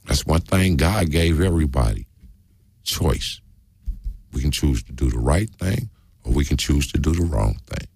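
A low, gravelly male voice with a husky edge, talking earnestly in a casual group discussion. He preaches his point and comes back to the same phrases again and again. Close and dry, with no room sound. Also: lively intonation, moderate pace, darkish tone, no echo. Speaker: discussion participant.

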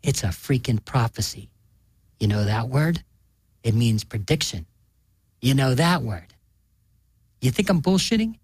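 A man reading an audiobook, voicing a foul-mouthed, furious undead old aunt who shouts, threatens and brags in a coarse way. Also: medium pitch, expressive, unhurried, long pauses, slightly rough, no room sound, rough recording. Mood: menacing.

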